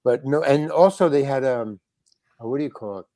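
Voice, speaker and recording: An older actor telling a story as an interview guest in a halting, rambling way, full of restarts. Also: male voice, medium pitch, mellow, no room sound. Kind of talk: casual storytelling.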